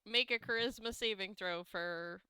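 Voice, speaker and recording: A woman playing a tabletop game, reading spell rules aloud in a bright, crisp voice. The recording is dry and close. She laughs easily between rulings. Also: mid-range voice, normal speed, no echo. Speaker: player.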